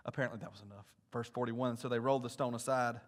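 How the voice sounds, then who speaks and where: A male pastor preaching a sermon to his congregation, dropping to hushed asides and rising to loud, intense appeals while asking the room questions. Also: medium pitch, fairly even intonation, fast talker. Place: church sanctuary.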